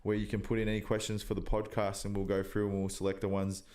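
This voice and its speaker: Fast-talking, low-voiced young man. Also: completely flat delivery, darkish tone, smooth. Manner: loose, swears often, jokey. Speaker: podcast co-host. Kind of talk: casual chat. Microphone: desk mic on an arm.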